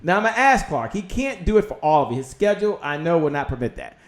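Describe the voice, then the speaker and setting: A man hosting a live-streamed talk show, excitable and animated, talking straight to his viewers and his guest. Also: on the high side, quick pace. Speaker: show host.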